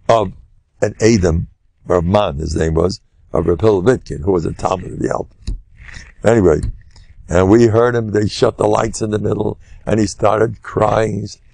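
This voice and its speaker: An older man, a rabbi, giving a humorous Torah lecture full of animated storytelling. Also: lowish voice, creaky, husky, no echo. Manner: animated, humorous storyteller who loudly acts out quotes.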